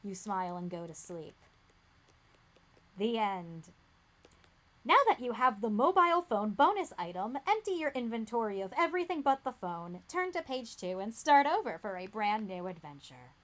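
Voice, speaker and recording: Bright-voiced woman narrating suspense. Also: mid-range voice, sing-song, moderate pace. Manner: dramatic suspense reading, dropping to a hush. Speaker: game master. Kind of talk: reading a gamebook aloud.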